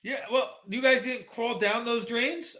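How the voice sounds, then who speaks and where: This middle-aged man speaks in a very high, sharp voice with a steady tone and an unhurried pace. He co-hosts a podcast, chatting casually, rambling with frequent fillers and false starts, and laughing easily.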